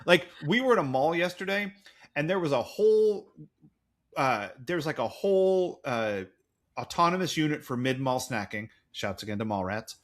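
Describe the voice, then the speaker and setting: A man's voice: fairly high pitch, lively intonation, moderate pace. A man in his forties co-hosting a podcast in casual chat, rambling and jokey. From United States. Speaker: podcast co-host.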